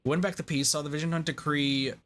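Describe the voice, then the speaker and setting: A man's voice: a little high, fairly even intonation, quick pace, fairly bright tone, close to an everyday voice. A man reading aloud the lines of an earnest young male resistance general in a game, with formal, courteous phrasing.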